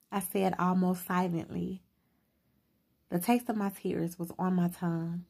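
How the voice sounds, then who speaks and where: Woman reading an audiobook in a flat, gravelly voice. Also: fairly low pitch, moderate pace. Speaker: audiobook reader. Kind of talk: audiobook narration.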